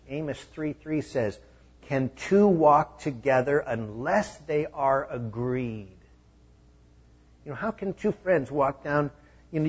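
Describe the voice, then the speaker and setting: Man, pastor, sermon, husky, mid pitch, emphatic repeats, muffled recording. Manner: conversational preaching with emphatic repeated phrases.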